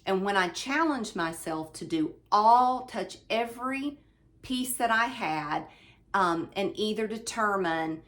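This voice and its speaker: The host of a cross-stitch channel, a woman with a mid-range, fairly bright voice and lively intonation, shows her finished projects in a casual chat at home. A fan runs nearby as she pauses with plenty of ums and talks to viewers as "you all."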